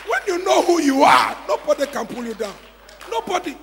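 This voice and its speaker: A man preaching a sermon, telling the story dramatically and swinging from hushed tones to shouts. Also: extremely high pitch, very animated, moderate pace, vocal fry, big-room sound. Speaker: pastor.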